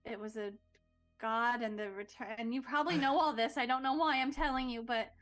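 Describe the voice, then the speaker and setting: Woman player, earnest and rambling, fairly high voice. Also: a little fast, fairly bright tone, soft background music. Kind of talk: in-character chat in a tabletop game.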